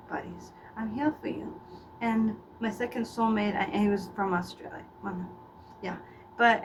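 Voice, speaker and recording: Middle-aged lady comic rambling gossipy monologue, stammers a lot, mic kinda far off. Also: mid-range voice. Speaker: comedian playing a faded former child actor. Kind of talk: comedic character monologue. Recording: distant mic with faint background noise.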